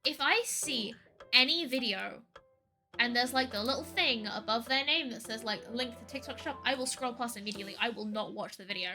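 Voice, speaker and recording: A woman's voice: fairly high pitch, brisk, bright, forceful tone, soft background music. A woman streaming from home, chatting casually in a rambling, ranty way, with lots of "like". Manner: rambling, ranty, heavy use of "like". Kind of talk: casual chat.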